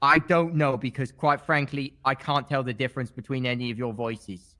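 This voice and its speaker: A man role-playing a defendant giving rambling, excitable testimony in a game courtroom, with sudden shouted outbursts. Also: medium pitch, moderate pace, no echo. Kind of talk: in-character game role-play.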